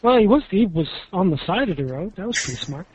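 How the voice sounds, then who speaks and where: A man's voice: high voice, big pitch swings, fast talker, dull audio, a crowd in the background. A man co-hosting a podcast, telling a travel story in a rambling, casual way with laughs. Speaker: podcast co-host.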